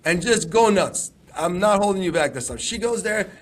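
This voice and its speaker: Animated Texan man telling a story. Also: sits high, normal speed, slight background noise. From Texas. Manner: animated storyteller, acts out quoted voices. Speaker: former congressional candidate. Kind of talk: casual podcast storytelling.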